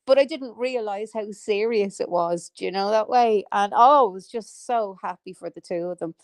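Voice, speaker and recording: A woman's voice: fairly high pitch, normal speed, a little mellow, no echo, studio quality. A woman with a Dublin Irish accent, chatting casually and greeting viewers as co-host of a livestream. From Ireland. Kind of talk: casual chat.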